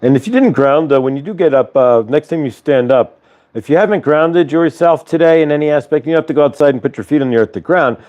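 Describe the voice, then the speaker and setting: Speaking through a clip-on lapel mic at home, a spiritual morning show host leads guided breathing and rambles loosely with lots of filler words. His voice is a little high and slightly mellow, quick and lively in its intonation. The recording sounds muffled.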